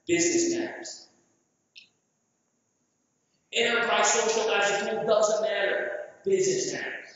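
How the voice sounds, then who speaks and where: Speaker from Southeast Asia; high, animated voice; jokey and quizzes the crowd; long hall echo, heard from a distance. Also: male voice, unhurried, long pauses. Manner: animated, jokey, asks the audience questions. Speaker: conference speaker. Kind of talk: conference presentation. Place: large conference hall. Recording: echoey hall, distant mic, dull sound.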